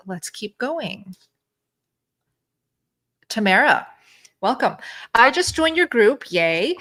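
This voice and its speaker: Upbeat woman hosting a live Q&A. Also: medium pitch. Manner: upbeat, reads viewer questions aloud. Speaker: host. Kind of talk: live stream Q&A.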